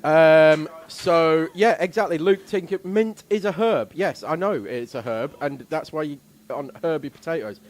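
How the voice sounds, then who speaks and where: A man from England commentating a live race stream, drifting into an animated, jokey rant with quick asides. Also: a little high. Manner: animated ranting, rapid asides, frequent laughter.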